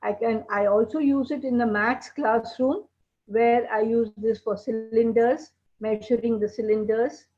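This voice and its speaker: Slow-spoken woman teaching puppetry. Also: fairly high pitch, steady tone, darkish tone. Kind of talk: teaching workshop talk. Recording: dull lo-fi sound.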